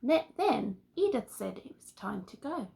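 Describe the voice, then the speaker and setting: A woman teacher reads a children's story aloud with a lively, expressive voice. She takes her time, unhurried, with a touch of gravel in her tone. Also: fairly high pitch, noisy background. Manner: expressive, asks the listeners questions.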